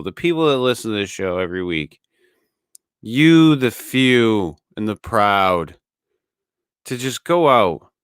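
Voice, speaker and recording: Male podcast co-host, low smooth voice, profane rambling rant, dry close mic. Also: fairly bright tone, dry recording. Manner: profane ranting, many restarts. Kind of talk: casual podcast chat.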